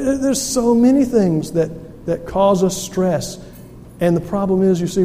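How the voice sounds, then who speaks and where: This sermon comes from a man with a fairly high, mellow voice whose preaching is folksy, humorous, and emphatic. The church sanctuary gives the audio an echoey quality with faint noise.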